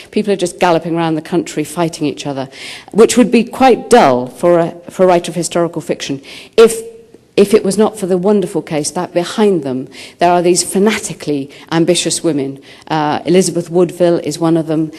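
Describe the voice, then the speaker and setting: Lively woman author, lowish voice. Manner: lively storyteller who acts out quotes. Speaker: author speaking to students. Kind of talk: school talk answering questions. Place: high school.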